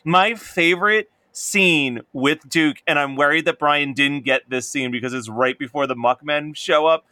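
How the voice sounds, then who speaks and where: A man co-hosting a podcast in casual chat, laughing often and mimicking people in high voices. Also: moderate pace, bright, forceful tone, no echo. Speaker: podcast co-host.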